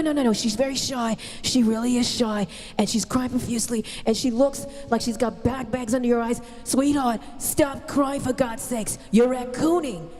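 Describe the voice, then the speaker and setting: A woman impersonating a brash older female celebrity comic who bosses and teases the audience in quick patter. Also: high-pitched, darkish tone, voice pushed up, lightly acted. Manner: bossy, rapid wisecracking patter to the audience. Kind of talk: stand-up impression. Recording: long hall reverb.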